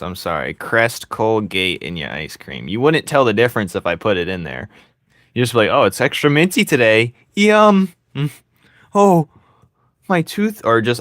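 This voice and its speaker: A man's voice: on the low side, fairly bright tone, no room sound, clean studio sound. Joking young man streaming while drawing. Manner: joking, teasing, laughs often. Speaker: streamer drawing live and reading chat. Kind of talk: casual livestream chat while drawing.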